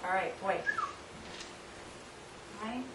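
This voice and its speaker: Taking her time in a mid-range voice, a woman seminar speaker guides volunteers through a live workshop demonstration in front of an audience. She's coaxing and instructive, often laughing, and the room recording is distant, echoey, and noisy.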